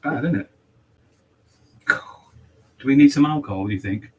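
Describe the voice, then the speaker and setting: Barber bloke cutting hair on a livestream, swears constantly, goes off on mock-angry rants, faint noise in the shop. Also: male voice, medium pitch, expressive, normal speed, a little mellow, dull audio. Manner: sweary, ranting, mock-outraged.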